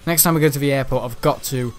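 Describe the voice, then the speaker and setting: A man giving rambling, chatty gameplay commentary, laughing often and breaking into excitable outbursts. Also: medium pitch, fast talker. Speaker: gaming channel host.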